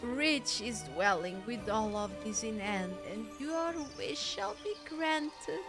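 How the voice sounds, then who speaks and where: A mysterious old crone, as a woman puts her on, murmuring slowly and softly with a coaxing pull. The voice leans low and drawn out, while game music plays behind. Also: lively intonation. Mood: hushed, coaxing. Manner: slow, hushed, drawn-out delivery.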